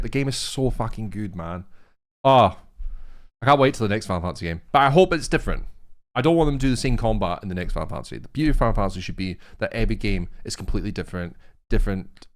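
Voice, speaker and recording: A young man co-hosting a casual chat, excitable and rambling, swearing freely. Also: fairly low pitch, fast talker. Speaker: co-host.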